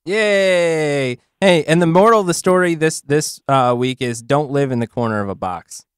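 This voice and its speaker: A man's voice: mid-range voice, brisk, smooth, no room sound, studio quality. A young man hosting a show, chatting casually in a giggly, enthusiastic way. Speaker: podcast host. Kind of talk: casual chat.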